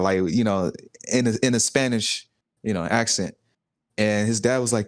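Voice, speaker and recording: A man's voice: mid-range voice, moderate pace, no echo, studio quality. A young man from the South, co-hosting a casual podcast and telling rambling stories with frequent laughter. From Southern United States. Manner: rambling storyteller, laughs often, acts out quotes. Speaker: podcast co-host. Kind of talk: casual chat.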